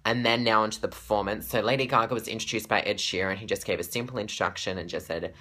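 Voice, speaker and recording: A man's voice: fairly low pitch, fairly even intonation, fast talker, few pauses, sharp tone. A man with an Australian accent, gushing breathlessly as he recaps a performance in a casual fan vlog and swearing freely. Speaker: pop fan vlogger.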